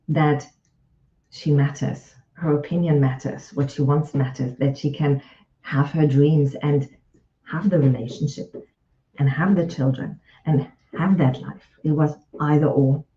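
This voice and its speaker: A woman's voice: sits low, fairly even intonation, a little slow, mellow. A woman, a relationship coach giving a reflective live talk full of client stories and repeated phrases. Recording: roomy echo, dull lo-fi sound.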